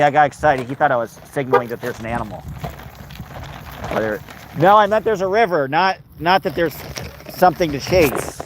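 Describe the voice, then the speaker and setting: A man chats on a loose, rambling livestream while out by a river, with a faint hum of noise behind him. His voice sits at a middling pitch for a man. He drifts between topics and now and then breaks into sing-song chatter aimed at his dog. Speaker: livestream host. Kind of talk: casual rambling live chat. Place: outdoors by a river.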